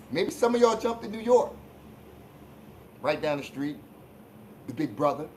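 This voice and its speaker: A man from hosting a live-streamed sports talk show, ranting bluntly and with plenty of profanity, dropping low for asides and rising into shouts. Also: big pitch swings, measured pace, long pauses, slight background noise, low-quality recording. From Philadelphia.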